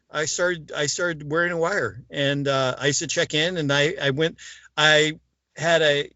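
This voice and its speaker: A man's voice: fairly high pitch, pushed and bright, no echo. A man in a casual interview, telling his story at length and acting out the voices of the people in it. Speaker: interview guest, former mobster turned informant. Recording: dull, dry lo-fi sound.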